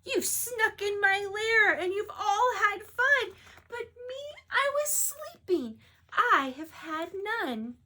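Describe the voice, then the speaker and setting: A woman's voice: very high voice, lively intonation, slow, pushed and bright, voice pushed up, exaggerated voice. A woman playing a whimpering sulky bear. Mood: whiny. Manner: whimpering, tearful complaint. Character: upset, sulky male bear woken from sleep.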